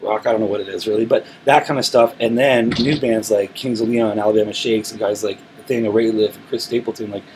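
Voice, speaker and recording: In a studio interview, a man who plays music rambles through stories in a relaxed way, frequently starting over. He talks quickly with few pauses in a lowish voice. Background noise can be heard.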